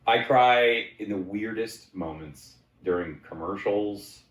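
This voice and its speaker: A man in his forties talks casually as a guest, circling his point with restarts and fillers. His voice sits on the low side and carries a noticeable room echo. When he quotes himself, he leaps into high, excited voices. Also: takes it slowly. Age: 40s. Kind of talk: casual chat.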